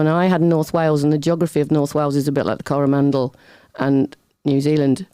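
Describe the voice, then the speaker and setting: A middle-aged woman, a guest on an interview show, telling lively, self-deprecating anecdotes in casual chat, often breaking into laughter. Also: low voice, fast, few pauses, smooth, no room sound. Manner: chatty, animated anecdotes with laughter.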